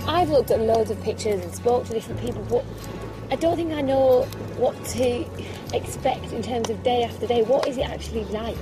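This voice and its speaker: A woman's voice: fairly high pitch, moderate pace, music in the background, low-quality recording. A woman training outdoors on a beach, chatting in a teasing, self-mocking way. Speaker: charity challenge participant. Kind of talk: casual chat while training.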